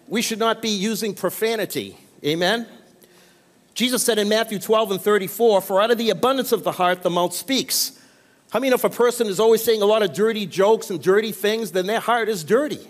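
A male pastor delivers a call-and-response sermon, frequently asking the congregation for amens. He speaks fairly quickly in a high-pitched voice, recorded with the long reverb of a church sanctuary.

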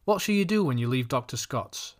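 A man voicing a thin, money-minded schoolboy who talks calmly and deliberately. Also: medium pitch, lightly acted. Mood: calculating. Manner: calm, calculating, deliberate.

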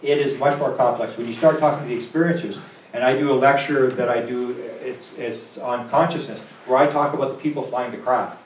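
A man's voice: medium pitch, steady tone, fairly quick, roomy sound, distant mic, a little hiss or hum, poor audio. A man answering audience questions as a UFO researcher, telling rambling stories full of quoted dialogue. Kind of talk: conference Q&A answer. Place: lecture hall.

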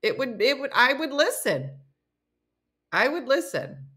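A woman's voice: high-pitched, big pitch swings, unhurried, bright, forceful tone, slightly rough. A woman hosting a comedy morning show, reading listener stories aloud with playful banter.

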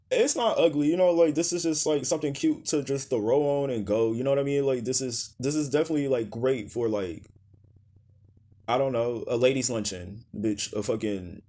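Sassy profane man roasting outfits. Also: mid-range voice. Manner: sassy, profane, blunt put-downs; swings between loud jabs and quiet dismissive mutters. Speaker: host. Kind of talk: comedic fashion roast commentary.

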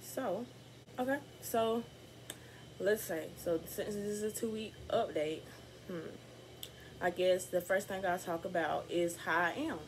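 A woman's voice: mid-range voice, a little slow, a little hiss or hum, rough recording. A young woman talking casually to camera for her vlog, chatty, candid and upbeat. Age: young adult. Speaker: vlogger.

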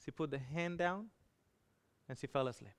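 High, smooth-voiced man preaching testimony. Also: moderate pace. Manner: emotional storytelling, voicing quoted dialogue. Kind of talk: sermon testimony.

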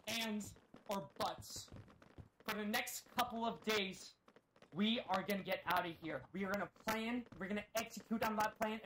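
A woman giving a rousing, defiant in-character speech over voice chat, swearing freely as she rallies the others. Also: medium pitch. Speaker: roleplay server player giving a speech. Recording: noisy voice chat feed.

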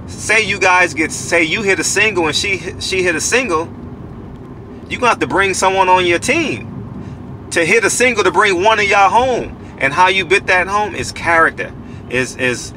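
A man in his forties talks outdoors with a very bright, forceful edge to his voice. He preaches hard, repeating phrases and swearing for emphasis. Faint street noise runs underneath. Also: high-pitched, expressive, normal speed. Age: 40s. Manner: preachy, repetitive, profane and emphatic. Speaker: channel host giving life advice. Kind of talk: casual motivational talk.

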